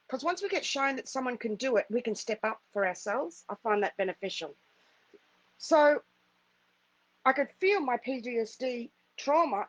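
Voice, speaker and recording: A woman's voice: a little high, no echo, rough recording. A middle-aged woman, a spiritual healer, telling a personal story in an earnest, repetitive, emphatic way. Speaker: spiritual healer hosting a live stream.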